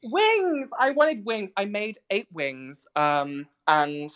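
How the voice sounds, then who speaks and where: A woman's voice: mid-range voice, animated, takes it slowly, crowd noise. A woman with a British accent moderating a live audio chat, talking chattily with lots of giggles and fillers. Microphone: remote audio call mic.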